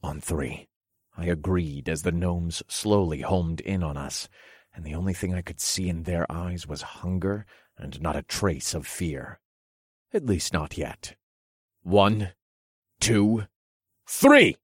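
Brief: male audiobook narrator, deep, steady, dramatic, dry booth sound. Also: a little slow, husky, dry recording. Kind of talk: first-person audiobook narration.

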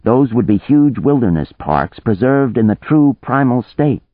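A man's voice: medium pitch, animated, measured pace, no echo, voice pushed up. A man reading an audiobook, voicing an earnest man who reasons and coaxes others toward a compromise. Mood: persuasive. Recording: narrow phone-like band, dry.

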